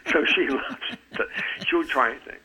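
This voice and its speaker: A man's voice: on the high side, moderate pace, noisy background. A man in his seventies, an author talking about fitness in an interview, earnest, often repeating a word as he starts a sentence. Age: 70s. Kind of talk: conversational interview.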